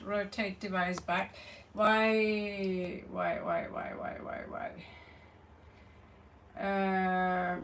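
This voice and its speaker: A woman with a fairly high, bright, sharp voice talks slowly and rambles through a live tarot stream. She sounds distracted and chatty, swears casually and laughs between sentences. She is recorded by a phone on a tripod set back in a room at home, with a faint hiss behind her. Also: distant mic.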